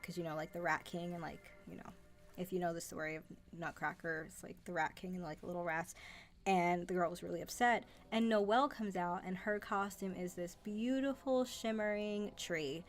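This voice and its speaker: A young adult woman chatting casually on her livestream, rambling with lots of fillers and restarts. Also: on the low side. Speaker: livestream host. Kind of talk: casual chat.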